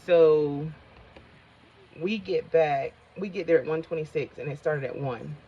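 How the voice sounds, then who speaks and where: A woman's voice: deep voice, measured pace, slightly rough. A middle-aged woman chatting casually to her viewers while doing her makeup, rambling and easily sidetracked as she tells a story. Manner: chatty, colloquial, addresses viewers as y'all. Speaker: vlogger. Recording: slightly dull lo-fi sound.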